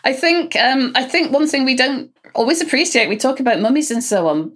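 A woman expert talks through her subject in a relaxed, conversational way, often stopping to restart a thought. Light laughs break up her explanations. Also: sits high, brisk. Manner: chatty, restarts often, laughs between points. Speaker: Egyptologist answering listener questions.

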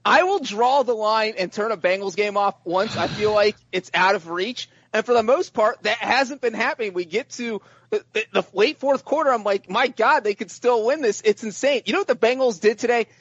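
A man on a sports podcast panel, excitable and chatty, often stumbling over his first words. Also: sits high, normal speed, slightly rough, muffled recording. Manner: excitable, repeats words when starting sentences. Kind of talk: casual sports chat.

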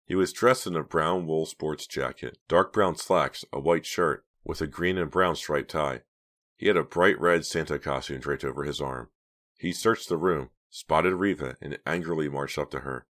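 A man reading an audiobook in steady, measured scripted narration. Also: a bass voice.

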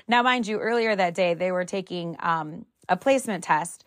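A middle-aged woman casually telling a family story, animated and wry with exasperated humor, acting out the dialogue. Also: lowish voice, moderate pace, hardly any pauses, no echo, clean studio sound. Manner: acts out dialogue with "I'm like".

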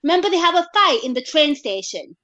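Woman panelist, casual film chat, chatty, thinks aloud, high voice, dull lo-fi sound. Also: sing-song, fairly quick, bright, forceful tone.

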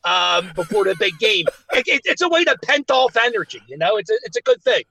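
A high-pitched, bright-voiced man from Philadelphia phones in as a sports superfan. He trash-talks with loud, gleeful bravado, calling in from outdoors in the woods. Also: big pitch swings, a little fast, vocal fry, husky, no echo, low-quality recording. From Philadelphia, USA. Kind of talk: casual phone call banter.

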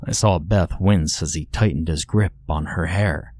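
A man with a very deep voice reads a horror story aloud in a measured, grim way. He delivers the narration steadily and deliberately, giving each line a dark weight. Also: dry recording.

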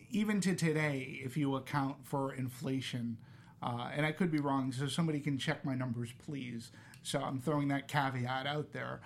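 Man, podcast host, casual movie talk, lively delivery, dry asides. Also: medium pitch, creaky. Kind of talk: casual movie review chat.

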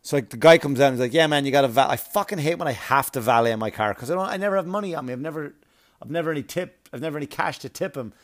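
A man's voice: fairly high pitch, racing. A comedian chatting casually to his viewers, telling a rambling, profane story with asides, sounding like he has a cold.

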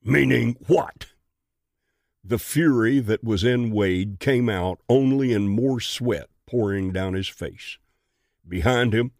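A narrator reads a western audiobook slowly and in a measured way. His voice sits a little low with a darkish tone, recorded dry and close with no room sound.

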